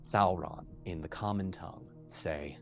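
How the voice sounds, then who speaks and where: A man running a tabletop game as game master, relaxed and encouraging, narrating scenes and calling for rolls. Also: sits low, measured pace, gravelly, faint music behind.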